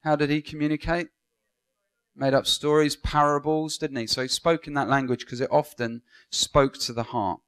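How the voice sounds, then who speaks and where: A man's voice: mid-range voice, fairly bright tone. A man giving a Bible school classroom lecture, engaging, asking students questions and praising their answers.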